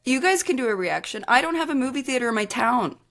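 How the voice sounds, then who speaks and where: A woman's voice: sits high, animated, quick pace, fairly bright tone. Chatty woman co-hosting a podcast. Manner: chatty, many "like" fillers, laughs easily. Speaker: podcast co-host. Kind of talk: casual chat.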